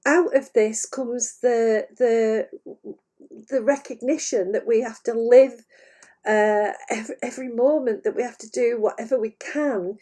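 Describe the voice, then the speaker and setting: A woman's voice: a little high, fairly even intonation, measured pace, mellow. A woman hosting a live stream as an intuitive medium, talking freely to camera from a room full of her paintings, with many "uh"s and frequent laughter. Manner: chatty and meandering, many "uh"s, easily breaks into laughter. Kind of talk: unscripted spiritual talk to camera.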